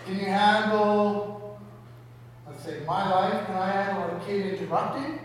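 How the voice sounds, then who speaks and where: Speaking at a measured pace in a high-pitched voice, a pastor delivers a conversational sermon sprinkled with rhetorical questions. Captured by a distant mic in an echoing hall, with slight background noise.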